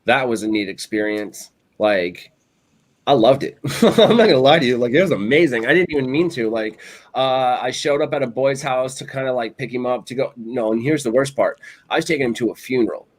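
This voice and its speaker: A man's voice: mid-range voice, a little fast. Male co-host, loose rambling storyteller, casual podcast banter. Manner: rambling storyteller, animated, lots of "like" and "you know". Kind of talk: casual chat.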